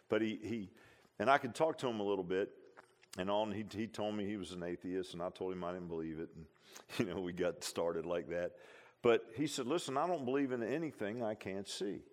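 A man's voice: low voice, brisk. A man, preaching a sermon in a folksy, conversational way.

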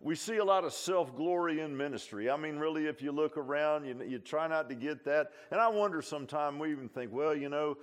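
A male pastor delivering a sermon with a fairly high-pitched voice. He talks in a homespun, conversational manner, and he keeps circling back with emphatic asides and repeated phrases. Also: lively intonation, fairly quick, hardly any pauses. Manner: repeats himself and restarts often.

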